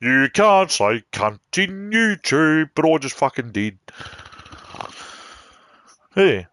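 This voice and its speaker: A man's voice: on the high side, sing-song, slow, a bit bright, dry recording. A man giving casual, rambling gaming commentary, full of swearing and cheeky jabs.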